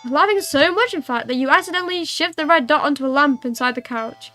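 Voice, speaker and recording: A woman's voice: high voice, fast talker, few pauses, sharp tone, faint music behind. A young woman streaming a game, reading its text aloud and chatting, playful and giggly with cat-like meows.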